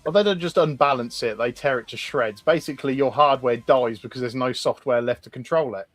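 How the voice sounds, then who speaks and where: A man's voice: mid-range voice, a little fast, fairly bright tone, no room sound. A man co-hosting a livestream, casually explaining characters with frequent ums and restarts. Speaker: co-host presenting concept art.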